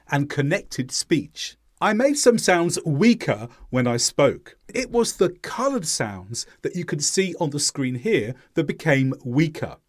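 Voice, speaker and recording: A man with a British accent teaching English pronunciation in a scripted lesson, speaking clearly and slowly demonstrating sounds. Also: on the high side.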